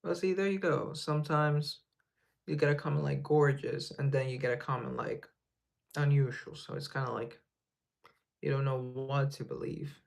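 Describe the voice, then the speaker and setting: A man's voice: medium pitch, fairly even intonation, moderate pace, creaky. A man hosting a casual livestream, reading viewer comments aloud and rambling in a laid-back way, laughing at himself. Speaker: livestream host.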